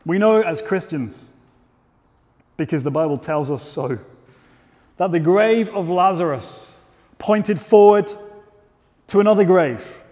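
A man preaching a sermon, telling the story in a measured way and rising to loud, emphatic peaks. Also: sits high, animated. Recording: long hall reverb.

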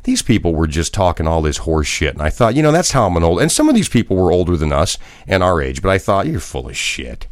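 A man's voice: deep voice, sing-song, fast, few pauses, no room sound, clean studio sound. A middle-aged man and former broadcaster, co-hosting a podcast in casual chat with blunt, profane rants. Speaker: podcast co-host.

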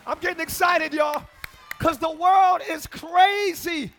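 A man preaching a sermon as pastor, calling out to the congregation and dropping into quiet joking asides. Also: extremely high pitch, fairly even intonation, slow pace. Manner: preaching with shouts and call-and-response; drops to quiet asides and laughs. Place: church.

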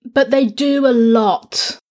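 A woman co-hosting a casual book discussion, retelling the plot in a lively way and acting out the characters' lines. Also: high-pitched, slow pace. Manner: animated retelling, acts out characters' lines in a raised voice. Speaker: podcast co-host.

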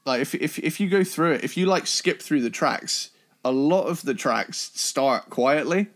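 Man co-host, easygoing album chat, excitable, loose and meandering delivery. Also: a little high, unhurried. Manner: enthusiastic, rambling with restarts and swearing. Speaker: podcast co-host. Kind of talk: casual music review chat.

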